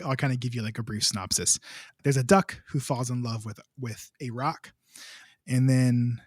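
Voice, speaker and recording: A man's voice: medium pitch, dry recording, studio quality. Chatty young man telling a story. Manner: chatty, rambling, many filler words. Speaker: composer, podcast guest. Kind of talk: casual storytelling.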